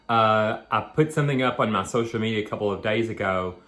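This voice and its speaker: A man's voice: on the low side, fast, fairly bright tone. A man hosting a home video, chatting casually and rambling between bites of food. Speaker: vlog host. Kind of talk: casual chat while eating.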